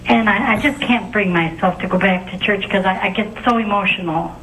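A woman's voice: medium pitch, brisk, a bit bright. A woman speaks over a telephone line as a caller to a show. She stammers, restarts and repeats her words often. A faint hiss runs under her voice. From Clearwater, Florida resident.

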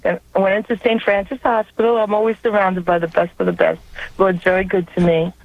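Over a tinny phone line, a Long Island caller with a New York accent gives earnest personal testimony on a radio call-in show. Her medium-pitched delivery is flat and brisk, and the recording is dry.

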